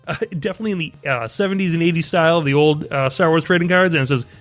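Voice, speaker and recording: A man's voice: on the high side, quick pace, faint music behind. A man hosting a casual podcast chat, upbeat and laughing often. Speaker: podcast host.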